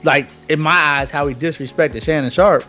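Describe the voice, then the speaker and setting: A man co-hosting a podcast in casual chat, joking and throwing out quick takes. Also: fairly high pitch, pushed and bright. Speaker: podcast co-host. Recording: dull lo-fi sound with faint music.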